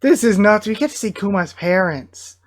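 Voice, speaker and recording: A channel host reacting live to a comic chapter, reading parts aloud with excited outbursts. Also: mid-range voice, normal speed. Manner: excitable, bursts of enthusiasm between plain read-aloud passages.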